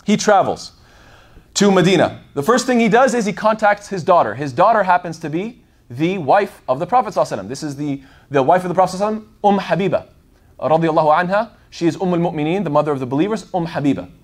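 An Islamic lecturer delivers a casual religious lesson at a very fast clip, his high, expressive voice rambling as he thinks aloud and tells the story with plenty of fillers.

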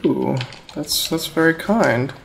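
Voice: mid-range voice, lively intonation, vocal fry, noisy background. A co-host of a gaming channel bantering casually through gameplay with teasing comebacks. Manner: teasing, quick comebacks, occasional swearing. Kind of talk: casual let's play banter.

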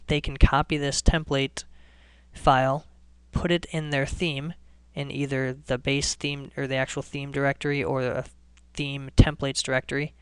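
Smooth-voiced man explaining code, flat delivery. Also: medium pitch, no room sound. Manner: relaxed step-by-step explaining with restarts. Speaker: coding tutorial host. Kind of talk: screencast programming lesson.

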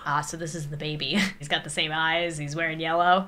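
A young woman gaming YouTuber gives excitable, giggly let's play commentary while talking to a baby character. Her voice is on the low side and her pace moderate.

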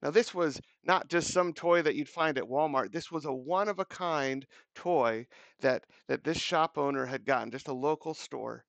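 A pastor gives a daily devotional message, telling a story earnestly and acting out each quote. His voice is a little high with a gravelly grain. The sound is dry and close. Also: normal speed, fairly bright tone, dry recording.

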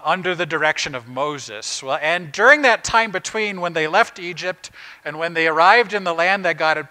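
A man's voice: on the high side, pushed and bright, low-quality recording. A man preaching a conversational sermon as pastor, posing rhetorical questions to the congregation in plain everyday words with frequent "uh" fillers.

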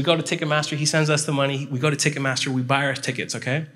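A man's voice: fairly high pitch, rapid-fire, hardly any pauses. Pastor guy preaching a story sermon, keeps checking in w the crowd, big echoey chapel. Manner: animated storyteller, checks in with listeners. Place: chapel hall. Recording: long hall reverb.

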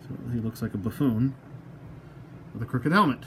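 Guy rambling thru a toy unboxing at home, cracks jokes at himself, talks to the figure, mid pitch, bit of hum in the room. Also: normal speed. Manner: rambling, self-mocking, talks to the toys. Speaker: toy collector reviewer. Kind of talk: casual unboxing review.

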